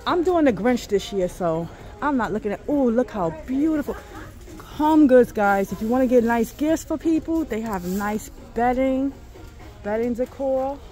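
A woman chats through a shopping vlog in a home goods store, her fairly high voice swooping up and down. She gushes and gets excited, talking straight to her viewers. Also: moderate pace, faint music behind. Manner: gushing, excitable, talks to viewers. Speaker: vlogger.

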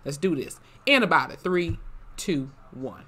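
A YouTube host chatting casually in a reaction vlog, slangy, profane and animated. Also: mid-range voice, a little slow, heavy background noise.

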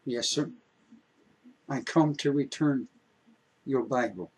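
A man voicing a remorseful male thief who speaks softly and apologetically in a told story. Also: mid-range voice, slow pace, breathy edge, low-quality recording. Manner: soft, apologetic.

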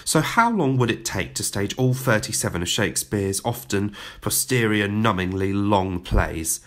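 A man reading a children's story aloud with expressive, dramatic narration. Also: lowish voice, moderate pace, hardly any pauses.

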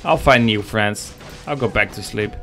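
A man's voice: on the low side, moderate pace, a bit bright, soft background music, pitched below the performer's own voice. A man doing a grumpy sleepy ogre. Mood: grumbling. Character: grumpy two-headed ogre brute, angry then sleepy.

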